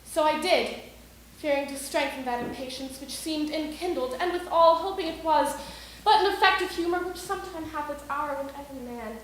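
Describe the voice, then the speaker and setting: A woman's voice: high voice, brisk, a little hiss or hum, natural voice. A woman playing Portia, a devoted Roman wife pleading with her husband in an amateur stage production. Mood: concerned. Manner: pleading, insistent verse delivery. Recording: echoey room.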